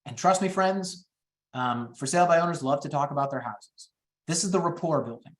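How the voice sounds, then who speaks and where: A man coaching real estate agents on phone scripts, talking fast and upbeat and acting out the calls. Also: reverberant. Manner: high-energy, quick, acts out phone calls. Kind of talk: teaching sales scripts in a webinar.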